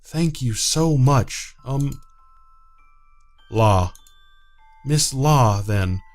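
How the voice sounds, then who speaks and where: A man voicing a gentle, polite young woman guest in a visual novel who speaks formally and softly. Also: mid-range voice, animated, extremely slow, faint music behind, voice pushed up. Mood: polite, shy. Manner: formal, soft, affectionate.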